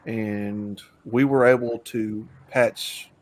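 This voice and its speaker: A man's voice: on the low side, steady tone, extremely slow. Rambling male host in casual chat. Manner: rambling, loose, with many fillers and restarts. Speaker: host of an online talk stream.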